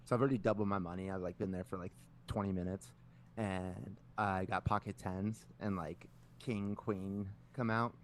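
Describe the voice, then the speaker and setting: A man's voice: low-pitched, steady tone, normal speed, a little hiss or hum. A man co-hosting a podcast, telling a long story in casual chat, rambling with many filler words and frequent swearing. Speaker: podcast co-host.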